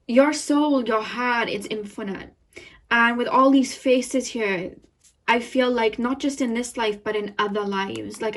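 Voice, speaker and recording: A woman's voice: mid-range voice, distant mic. A woman giving an emotional, earnest tarot reading to her viewers, repeating phrases and getting teary. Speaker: tarot card reader.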